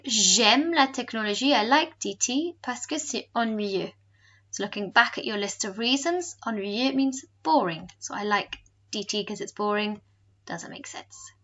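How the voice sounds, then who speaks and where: A woman teacher talks a class through a recorded lesson. Her voice is bright and forceful, and she explains clearly and patiently. The recording sounds a little dull. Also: fairly high pitch. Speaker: French teacher.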